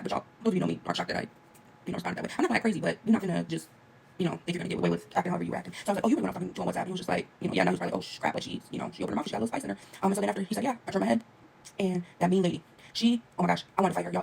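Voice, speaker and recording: Fast-talking gravelly woman ranting. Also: mid-range voice, a little hiss or hum. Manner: fast, animated, talks straight to viewers. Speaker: travel vlogger. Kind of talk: casual storytime rant.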